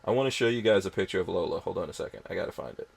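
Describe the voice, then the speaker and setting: A man's voice: sits low, animated, rapid-fire, vocal fry, slightly rough. A man hosting a podcast, chatting casually and telling rambling stories with frequent laughs. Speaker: podcast host.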